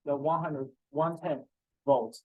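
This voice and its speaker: Heard through tinny audio, a chemistry lecturer with a narrow, mid-range voice takes things slowly in a recorded class. Key terms come up again and again, "okay?" punctuates his explanations, and his grammar marks him as a non-native speaker.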